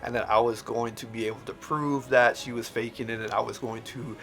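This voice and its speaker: A man's voice: medium pitch, steady tone, fairly quick, a bit bright. A man hosting a video, explaining and analyzing how people speak in a lecturing, example-driven way. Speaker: host explaining dialect features.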